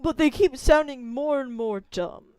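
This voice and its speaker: A young woman streamer chats casually while playing a game, her high voice animated yet unhurried. She rambles and sounds unsure of herself as she tries out different voices. The tone is a little mellow and clean, with no room sound.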